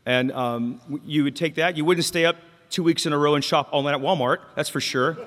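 Man, recovery meeting speaker, wisecracking testimony, slightly high pitch, long hall reverb. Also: fairly quick, a bit bright, a little hiss or hum. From Mexican-American. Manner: candid, wisecracking storyteller with crowd asides. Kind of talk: personal testimony talk.

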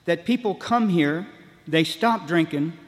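A man's voice: a little high, lively intonation, measured pace. An older man, telling a humorous recovery story in a rambling way, often saying "man, you know". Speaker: speaker sharing recovery story. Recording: long hall reverb.

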